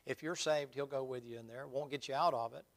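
A middle-aged man preaching with a gravelly, fry-touched voice at an everyday pitch. He tells his stories in a folksy, conversational way. Then he presses his points loudly and emphatically. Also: fairly even intonation, brisk. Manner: folksy storytelling, rising to loud emphatic preaching. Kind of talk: sermon with personal stories.

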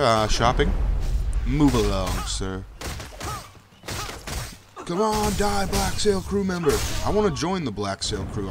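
Young male gameplay commentator, mid-pitched, casual and profane, prone to excited yelps; faint game music in the background. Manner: excitable, swears often, jumps to high yelps when in danger. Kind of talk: casual let's-play commentary.

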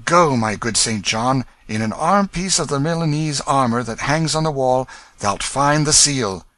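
A man voicing a young king who speaks in a commanding, measured, old-fashioned manner. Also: mid-range voice, expressive, a bit bright, dry recording, voice pushed up. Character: young true king, firm yet kind.

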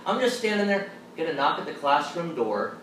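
A man, a Catholic theologian, telling stories to a college audience in an animated, humorous way and acting out the people he quotes. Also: fairly high pitch, normal speed, recorded from a distance. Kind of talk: storytelling talk to a college audience. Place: large hall at a college. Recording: echoey room miked from afar with background noise.

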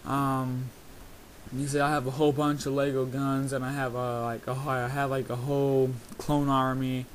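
Male video creator, casual self-commentary: monotone, halting, filler-heavy. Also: mid-range voice, slight background noise. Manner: rambling, many hesitations and fillers.

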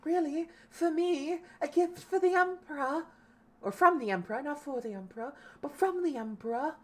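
A woman's voice: high-pitched, moderate pace, pitched above the performer's own voice, close to an everyday voice. A woman putting on the voice of a meek little Victorian orphan boy, sounding awed and overly grateful.

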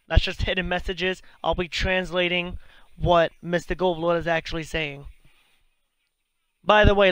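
Excitable high-voiced man commentating a game. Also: smooth, no echo, muffled recording. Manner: excitable, profane, chatty. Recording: noisy home recording.

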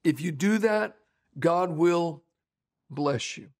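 A middle-aged man delivers a sermon in an earnest, conversational way, weaving in stories. His voice sits a little higher than most men's. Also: lively intonation, slow. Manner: earnest, conversational preaching with storytelling. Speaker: pastor.

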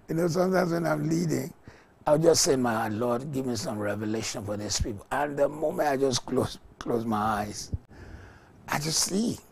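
A male pastor leading a fervent morning prayer sermon, declaring loudly, dropping to whispers and speaking in tongues. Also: medium pitch, slow, gravelly, long pauses, a little hiss or hum.

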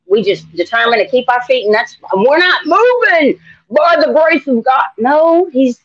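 Animated woman telling her story. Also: sits high, moderate pace, lo-fi sound. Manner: animated storyteller, acts out dialogue in voices. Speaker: guest. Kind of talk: testimony interview.

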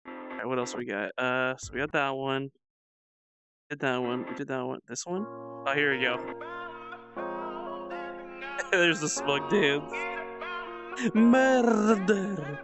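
A streamer giving casual, giggly commentary while playing a game, laughing often, swearing casually and letting out sudden excited squeals. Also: medium pitch, moderate pace, music in the background.

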